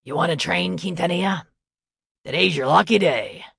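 A woman voicing a gruff, blunt male boxing gym boss, giving curt orders in an audiobook. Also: lowish voice, moderate pace, fairly bright tone, dry recording, studio quality, full character voice. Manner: curt, matter-of-fact orders. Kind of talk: audiobook character voice.

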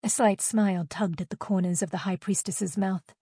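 A woman narrates a fantasy audiobook in a steady, expressive reading. Her voice sits at a middle pitch, and the recording is close and dry with no room sound. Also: normal speed, slightly rough, no echo.

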